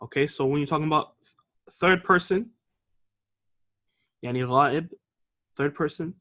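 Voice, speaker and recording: A man's voice: a little high, fairly quick, sharp tone. A man teaching a classroom grammar lesson, explaining patiently, checking in with the class and switching between two languages. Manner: explains patiently, checking with "okay?" and "all right?"; switches between English and Arabic. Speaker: Arabic teacher.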